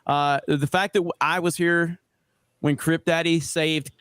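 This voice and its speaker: A man in casual live-stream chat, voice sitting a little high for a man. He rambles through sponsor plugs and banter on a dry, close mic with no room around him. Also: steady tone, a little slow, fairly bright tone, smooth, dry recording. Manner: rambling, plugging sponsors, joking. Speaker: co-host.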